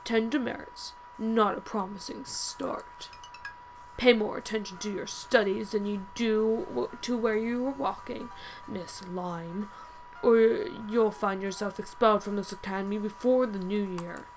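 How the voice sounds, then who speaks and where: A woman voicing a stern older male professor who speaks slowly and scornfully in a cold voice. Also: medium pitch, steady tone, slight background noise, lightly acted, poor audio. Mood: cold, disdainful. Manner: cool, slow, scornful delivery.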